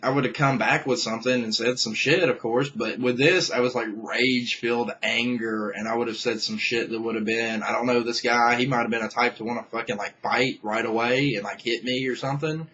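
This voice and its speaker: A man's voice: medium pitch, steady tone, fairly quick, hardly any pauses, bright, forceful tone, dull audio. A young man venting to camera in a casual vlog rant, angry and profane, rambling with many restarts. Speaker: vlogger.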